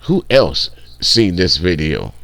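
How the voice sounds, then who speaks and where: A man's voice: deep voice, wildly swooping pitch, slow pace, gravelly, a bit bright, no room sound. A man hosting casual reaction commentary, blunt, profane and mocking. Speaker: commentary channel host.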